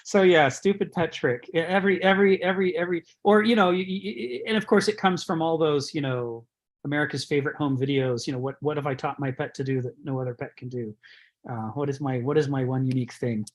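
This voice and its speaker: A man's voice: a little high, fast. A man giving a conversational lecture, rambling, chuckling often and using many fillers.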